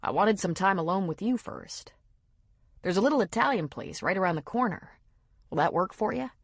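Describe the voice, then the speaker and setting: A woman's voice: mid-range voice, animated, normal speed, dry recording, studio quality. Woman reading as an earnest young man. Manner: earnest, reassuring.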